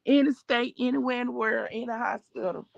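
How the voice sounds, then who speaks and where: A woman's voice: on the high side, brisk, gravelly, no echo. A middle-aged woman hosting a family channel, chatting to viewers and retelling what people said to her in a long story. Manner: chatty, retells others' words with "I said, he said". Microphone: streaming setup. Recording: dull lo-fi dry stream audio.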